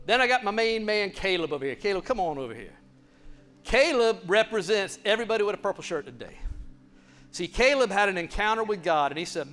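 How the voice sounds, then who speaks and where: A male pastor preaching in a playful, animated, conversational way. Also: high voice, a little fast. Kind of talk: sermon.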